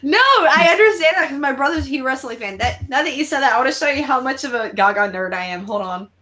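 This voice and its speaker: A young woman hosting a live stream, telling stories in an excitable, swearing, animated way. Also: high-pitched, fast. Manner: excitable, swearing, animated storytelling with acted-out quotes. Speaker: host. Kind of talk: casual live-stream chat.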